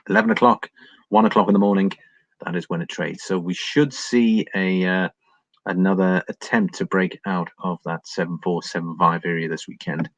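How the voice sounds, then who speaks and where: A man's voice: low-pitched, no echo, low-quality recording. An Englishman commentating on market charts in a casual livestream, thinking aloud with frequent ums and chatting to viewers. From England. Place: home, living in Ireland.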